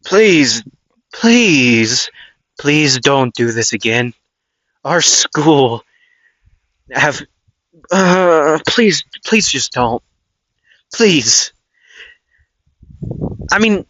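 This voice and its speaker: A man's voice: fairly high pitch, very animated, drawn-out words, long pauses, a bit bright, no echo, voice pushed up, heavily acted. A man voicing a frantic school lunch lady who keeps begging and repeating herself, in a dull lo-fi recording. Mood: pleading.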